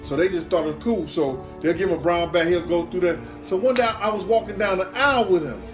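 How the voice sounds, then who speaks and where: A man's voice: high voice, fast, over music. A man telling a casual anecdote in slangy speech, stumbling and repeating words as he laughs his way through it. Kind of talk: casual storytelling.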